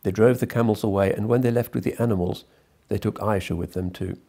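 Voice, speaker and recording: A man reading the lines of a solemn, devout brother who brings bad news, in a measured way. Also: on the low side, steady tone, dark tone.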